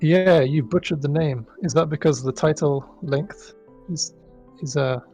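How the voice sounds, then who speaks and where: A man being interviewed in a casual live stream, with deadpan humor and frequent laughs. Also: on the high side, measured pace, faint music behind, rough recording. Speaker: interview guest, asset developer.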